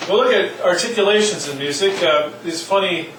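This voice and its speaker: A man's voice: high-pitched, lively intonation, moderate pace. A man teaching a casual music lesson, joking around and singing short demonstration syllables. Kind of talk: informal classroom lesson. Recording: echoey room, mic at a distance, faint noise.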